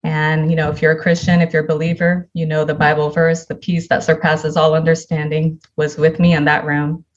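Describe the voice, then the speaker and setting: A woman's voice: deep voice, level tone, a little fast, lo-fi sound. A woman, a podcast guest, earnestly telling a personal story and acting out the dialogue in it.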